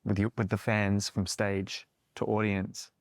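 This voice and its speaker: A man's voice: fairly low pitch, flat delivery, unhurried, no room sound, clean studio sound. A man interviewing a singer, asking long, earnest questions in a rambling way with filler words.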